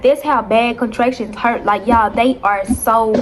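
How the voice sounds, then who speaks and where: Animated young woman telling a storytime. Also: a little high, measured pace. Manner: animated, dramatic retelling with constant "y'all". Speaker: vlogger. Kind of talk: casual storytime to viewers.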